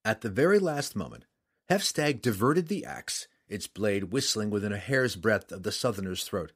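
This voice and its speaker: A man narrating a fantasy story as an audiobook, in a measured, dramatic reading. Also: fairly low pitch, very animated, fairly bright tone, husky.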